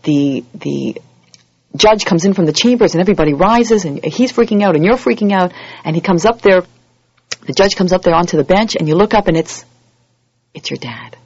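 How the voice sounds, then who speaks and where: Religious teacher, sermon, husky voice, animated storyteller, lo-fi dry recording. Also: mid-range voice, brisk, dry recording. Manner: lively, acts out everyday scenes in other voices. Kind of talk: holiday sermon to a congregation.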